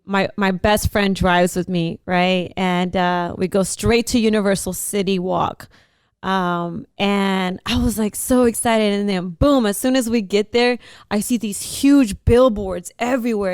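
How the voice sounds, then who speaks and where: Smooth-voiced woman telling her story. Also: medium pitch, measured pace, dry recording. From Houston, Texas. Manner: animated storyteller with frequent laughs. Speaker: actress and interview guest. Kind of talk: casual interview chat.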